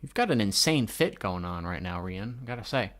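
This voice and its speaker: This manga reader has a fairly low, bright-ish voice with lively intonation and a brisk pace. He reads the comic out loud, reacting as he goes in a casual style full of swearing and sighs between his thoughts.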